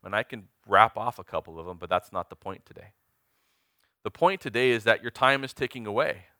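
Earnest, bright-voiced man in his forties preaching. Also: on the low side, fairly quick, no room sound, clean studio sound. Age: 40s. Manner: earnest, emphatic, asks the listeners direct questions. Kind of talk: sermon.

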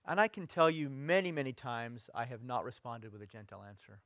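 A middle-aged male pastor preaching in a conversational way, letting phrases trail off softly and sometimes rising into loud, mock-stern lecturing. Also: mid-range voice, lively intonation, a little fast, no room sound. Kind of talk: sermon.

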